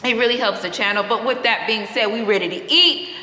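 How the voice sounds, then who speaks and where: A woman with a fairly high pitch talks fairly quickly on her cooking vlog, chatty and relaxed, pausing to savor the food. Expect a little hiss or hum and an echoey room with long reverb.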